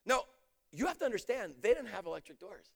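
Casting: high-pitched male preacher, lively storyteller, bursts into shouts. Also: fast, vocal fry. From United States. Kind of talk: storytelling sermon.

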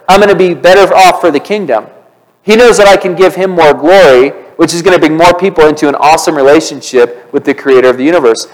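A male pastor preaching a sermon in church, animated and conversational, asking the congregation questions. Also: high voice, rough recording.

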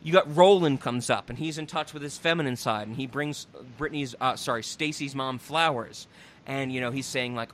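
A young man on a podcast, recapping a movie in casual comedic chat, swearing, laughing and acting out the characters. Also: fairly high pitch. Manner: animated, profane, laughing, acts out characters in quick voices. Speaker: podcast host reviewing a movie.

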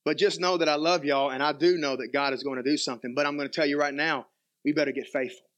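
A young male pastor, preaching a sermon in an animated way, dropping to quiet asides and rising to loud emphatic peaks. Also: fairly high pitch, fast talker, highs cut off.

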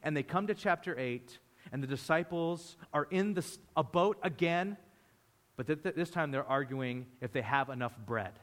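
A man preaching a sermon as a pastor, telling the story with lively energy and playing the disciples' voices. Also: fairly high pitch, unhurried. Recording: long hall reverb.

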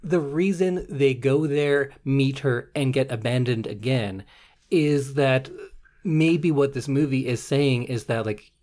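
A man's voice: medium pitch, slow pace, a little mellow. A man with a Canadian accent, co-hosting a casual podcast and talking through a film in a thoughtful, analytical way. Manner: thoughtful, analytical, occasional swearing. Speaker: podcast co-host.

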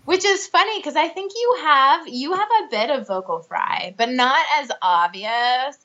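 Podcast host, woman, Ohio accent, higher voice, chatty, lo-fi recording. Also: animated, a little slow, sharp tone. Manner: chatty, says like often, swears casually. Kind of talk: casual chat.

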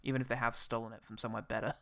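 Bright-voiced man in joking banter. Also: medium pitch, level tone, racing, vocal fry. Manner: jokey, laughs often, trails into quoted bits. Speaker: podcast co-host. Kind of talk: casual film-review banter.

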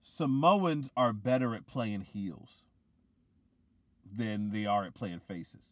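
A young man in casual chat who rambles with lots of "like" and gets excitable. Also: on the low side, takes it slowly, no echo. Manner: rambling, filler-heavy, excitable.

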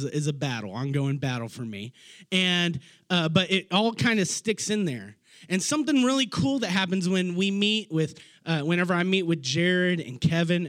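A man preaching a casual, animated sermon, retelling Bible stories in everyday slang. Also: on the high side. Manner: animated storytelling, acting out Bible figures in slangy voices.

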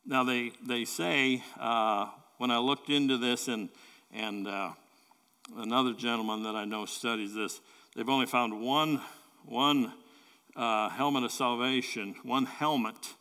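A man preaching a sermon in an earnest, halting way, often restarting and repeating words as he builds a point. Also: medium pitch, sharp tone. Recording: long reverb of a large hall.

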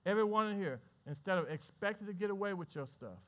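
A male pastor preaching a sermon. He asks the congregation questions and swings between loud, rising lines and hushed asides. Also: high voice, lively intonation, quick pace.

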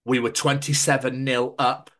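A man from Scotland, hosting a podcast and telling stories in casual chat, sweary and animated. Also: medium pitch, moderate pace. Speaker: podcast host.

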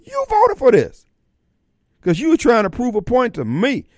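A man's voice: extremely high pitch, moderate pace, no echo, clean studio sound. A man hosting a political talk radio show, delivering a fiery monologue and acting out imagined critics. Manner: animated, acts out imagined callers and critics.

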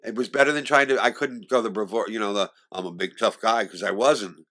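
A middle-aged man telling candid stories in an interview, animated, laughing often and moving between loud and hushed. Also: on the low side, quick pace.

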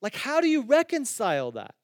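A man's voice: very high voice, huge pitch swings, a little fast, no echo, studio quality. A pastor preaching a sermon to a church and listeners online, earnestly repeating words as he explains scripture. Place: church with online and radio audience.

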